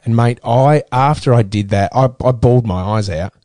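Australian man, middle-aged, earnest, halting restarts, dry close mic. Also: medium pitch, warm tone, no echo. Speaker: guest, former footballer and radio presenter. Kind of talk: candid interview.

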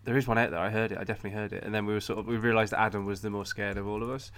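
Male co-host, bright clear tone, animated anecdote-teller, laughs a lot. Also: lowish voice, very fast. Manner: animated storyteller, laughs often. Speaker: podcast co-host telling a story. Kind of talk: casual comedic chat.

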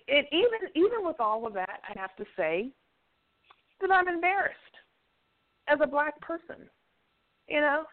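A woman giving blunt, opinionated commentary in a casual chat, chuckling now and then as she talks. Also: mid-range voice. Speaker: show regular giving opinions. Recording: tinny phone-like sound.

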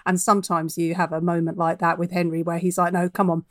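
A woman's voice: on the low side, little pitch movement, fast talker, dry recording. Chatty woman author in dry studio. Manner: chatty, reflective, laughs easily. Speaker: author guest. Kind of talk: podcast interview.

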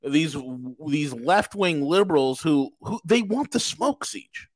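A man's voice: on the high side, lively intonation, takes it slowly, dry recording. A man hosting a casual political talk show, talking in a boisterous, profane, rambling way. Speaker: podcast host.

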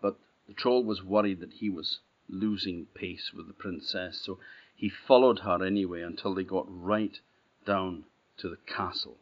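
A middle-aged man with an Orkney Scots accent telling a folktale in a relaxed, plain-spoken way. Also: low voice, normal speed. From Orkney, Scotland. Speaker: storyteller. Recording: dull, slightly muffled audio.

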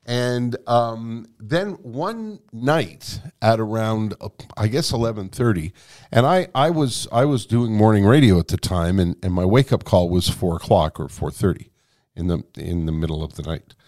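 A man telling a long anecdote as a guest in a conversation, animated and freely swearing. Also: lowish voice, normal speed. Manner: animated, profane storytelling. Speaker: guest storyteller.

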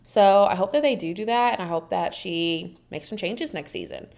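A woman's voice: mid-range voice, normal speed, gravelly. A woman hosting a podcast on her own, chatting casually and sassily, acting out other people's lines in exaggerated voices. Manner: animated, sassy, acts out quotes in exaggerated voices. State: dry mouth. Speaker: podcast host. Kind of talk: casual solo recap chat.

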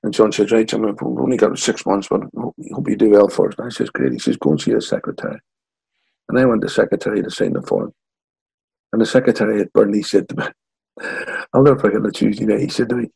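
A man in his sixties from Northern Ireland with a Northern Irish accent, telling lively stories as an interview guest. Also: on the low side, a little fast, gravelly, long pauses, husky, no room sound, poor audio. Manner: lively yarn-spinner acting out quotes. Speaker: guest, former footballer. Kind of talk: anecdotal storytelling.

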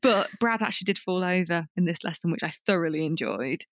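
A woman, co-hosting a podcast in lively, chatty storytelling. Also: fairly low pitch, quick pace, no room sound, dull audio. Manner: chatty, animated storytelling with laughs. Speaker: podcast co-host. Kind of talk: casual chat.

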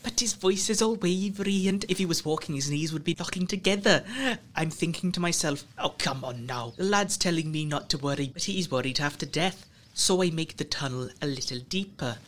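A man's voice: a little high, brisk, a bit bright, pitched above the performer's own voice, close to an everyday voice. A man voicing a cruel, chatty trickster ranger who tells stories gleefully and slips into other people's voices. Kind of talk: audio drama acting.

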